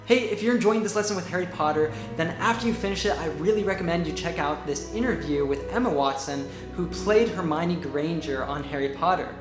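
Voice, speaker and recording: Low-voiced woman explaining English. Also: fairly quick, hardly any pauses, music in the background. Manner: clear, explanatory. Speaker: English teacher. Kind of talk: scripted lesson narration.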